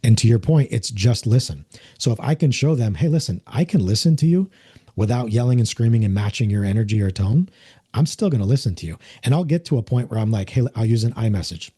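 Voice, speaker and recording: A man's voice: lowish voice, animated, fast, mellow, breathy edge. A man, a former police officer, explaining things earnestly in a conversational interview and acting out the voices of the people he quotes. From United States.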